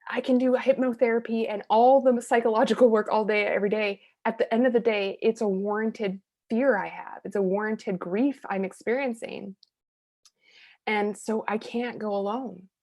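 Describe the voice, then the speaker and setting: A woman's voice: a little high, fairly even intonation, moderate pace, a little mellow. A woman being interviewed as a hypnotherapist and coach, telling personal stories in a candid, rambling way full of "like" and restarts. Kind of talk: conversational storytelling in an interview.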